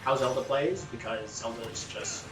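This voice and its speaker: A man's voice: medium pitch, normal speed. A man with a Canadian accent giving casual play-by-play commentary at a gaming tournament, with many ums and uhs. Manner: chatty, lots of ums and uhs. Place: campus gaming tournament room. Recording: roomy sound, mic at a distance, game music behind.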